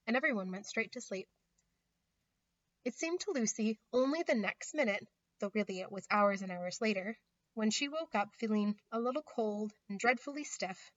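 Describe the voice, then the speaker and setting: A woman reading a children's storybook aloud in a gentle, measured narration. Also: on the high side. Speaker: reader. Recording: slightly muffled recording.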